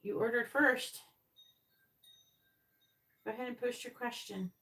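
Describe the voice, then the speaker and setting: A woman's voice: fairly high pitch, steady tone, measured pace, fairly bright tone, slight background noise. A woman giving tarot readings on a live stream, chatting directly with viewers in the chat. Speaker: tarot reader.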